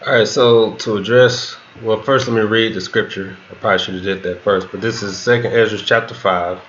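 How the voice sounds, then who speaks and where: A man's voice: on the low side, fairly even intonation, brisk, a bit bright. A man leading a Bible class, reading scripture and commenting in a loose spoken way with restarts. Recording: dull lo-fi recording with faint background noise.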